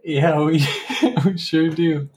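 A young man co-hosting a laid-back comedy podcast who breaks into laughter often between jokes. He speaks at an unhurried, drawn-out pace. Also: fairly high pitch, steady tone, darkish tone, slightly rough. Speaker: podcast co-host. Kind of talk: casual chat.

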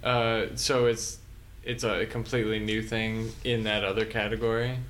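A man's voice: on the low side, flat delivery, moderate pace, fairly bright tone, a little hiss or hum. A man co-hosting a comedy podcast, casual and mock-indignant, swearing and joking sarcastically. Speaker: podcast co-host.

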